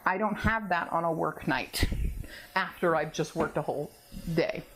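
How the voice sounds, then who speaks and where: A woman's voice: lowish voice, normal speed, a bit bright, a little hiss or hum. Chatty woman cooking at home. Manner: rambling, laughs often, talks to herself while cooking. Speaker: cooking video host. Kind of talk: casual chatty cooking vlog. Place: home kitchen.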